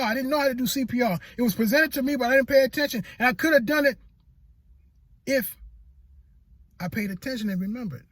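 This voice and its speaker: A man's voice: extremely high pitch, no room sound. A motivational speaker sharing a personal testimony in an earnest, repetitive way, stammering when he gets emotional. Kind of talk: personal testimony talk to camera.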